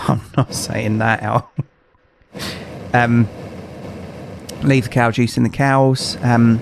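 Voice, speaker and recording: A man's voice: mid-range voice, fairly even intonation, slow, gravelly, a little hiss or hum. A man streaming a game from home, chatting casually to his viewers in a rambling, hesitant way with lots of filler words, on a streaming microphone. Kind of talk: casual live-stream chat while gaming.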